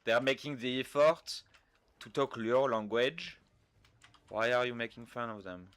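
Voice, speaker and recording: A man's voice: medium pitch, unhurried, a bit bright. A man with a French accent, chatting casually on a game stream, laid-back, swearing freely and mocking himself. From France. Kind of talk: casual live-stream chat, reading out viewer messages.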